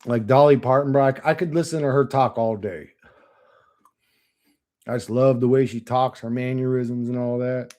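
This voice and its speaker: A man's voice: mid-range voice, fairly even intonation, normal speed, a little mellow. Rambling, profane man chatting on stream. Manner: rambling, profane, laughs often. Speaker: channel host. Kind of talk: casual livestream chat.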